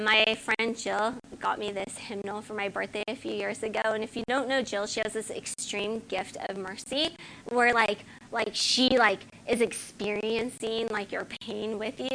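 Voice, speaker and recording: Woman speaker, middle-aged, bright and earnest, sharing faith stories with light room noise behind. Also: a little high, gravelly, low-quality recording. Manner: earnest, personal, with fillers and a softly read hymn. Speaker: women's ministry speaker. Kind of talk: devotional talk to a church gathering.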